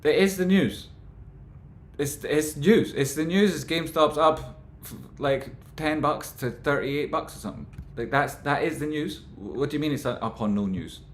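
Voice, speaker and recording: A man rambling through casual stock market commentary, with animated, exasperated rants. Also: on the high side, normal speed, hardly any pauses, reverberant.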